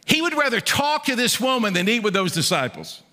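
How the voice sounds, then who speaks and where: A man preaching a sermon in a large church, folksy and animated, often repeating his words. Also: extremely high pitch, brisk. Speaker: pastor. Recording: echoey church hall.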